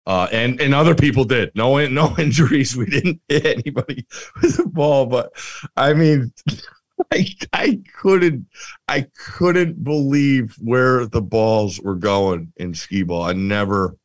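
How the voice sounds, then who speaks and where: Middle-aged male co-host, lively storyteller prone to laughing, mid-pitched voice. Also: measured pace. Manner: animated storyteller who breaks into laughter. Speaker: podcast co-host. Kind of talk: casual chat.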